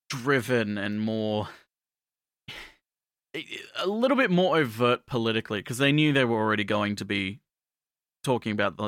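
Bright, low-voiced man on a podcast. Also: dry recording, clean studio sound. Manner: hesitant, filler-heavy, wry. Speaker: podcast co-host. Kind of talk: casual podcast chat.

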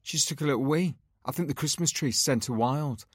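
A man, a podcast co-host telling animated anecdotes, acting out quotes and swearing. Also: a little high, fairly quick, no echo, clean studio sound. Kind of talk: casual chat.

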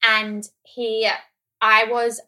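A woman from Australia tells stories in a relaxed, casual chat. Her voice is bright and sharp, and she delivers each anecdote with animation, swears freely, and acts out the dialogue. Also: a little high, extremely slow.

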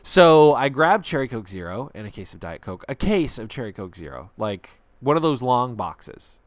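A man's voice: medium pitch, sing-song, normal speed, dry recording. A young man telling a story in a casual podcast chat, rambling and self-deprecating with lots of fillers.

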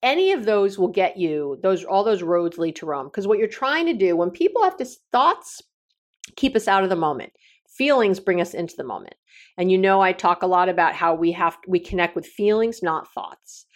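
A woman's voice: fairly low pitch, normal speed. A middle-aged woman, a coach, giving podcast advice and telling stories with acted-out dialogue. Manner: animated storytelling, acts out quoted dialogue. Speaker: relationship coach and consultant.

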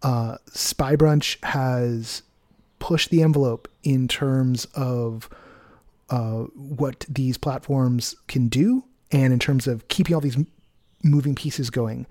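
A man hosting a podcast, talking casually and plugging his show in quick, energetic bursts. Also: mid-range voice. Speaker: podcast host. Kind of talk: casual podcast talk and sponsor plugs.

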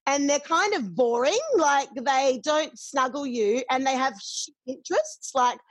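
Aussie woman talking frankly, high voice, swears a lot, dry close sound. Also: unhurried, dry recording. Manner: candid, swears freely, laughs often. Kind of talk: casual chat.

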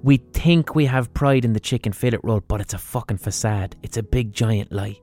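A man's voice: medium pitch, normal speed, darkish tone, faint music behind. An Irish man hosting a solo podcast, delivering a sweary, exasperated comedic rant full of rhetorical questions. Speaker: podcast host.

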